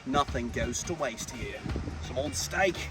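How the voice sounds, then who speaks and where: A man hosting a wildlife vlog outdoors, talking excitedly to his animals as he feeds them. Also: mid-range voice, measured pace, over loud music. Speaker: wildlife vlogger and zoo keeper. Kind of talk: casual outdoor vlog narration. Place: outdoors at animal enclosures and a pond.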